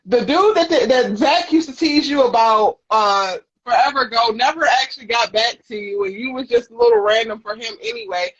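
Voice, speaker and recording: Husky, blunt co-host, muffled stream. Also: medium pitch, sing-song, fairly quick, hardly any pauses, a bit bright. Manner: blunt, opinionated, heated. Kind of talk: casual aftershow chat.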